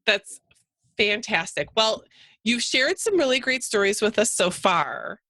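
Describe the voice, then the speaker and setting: A woman's voice: mid-range voice, very animated, measured pace, pushed and bright, no echo. A woman hosting an interview podcast, encouraging her guest and affirming what she says. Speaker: podcast host.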